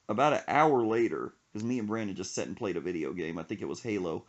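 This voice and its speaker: A young man hosts a podcast with a low, husky voice, telling a story in a casual, animated way with wide swings in pitch. The recording is a little muffled and lo-fi. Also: quick pace, hardly any pauses. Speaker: podcast host.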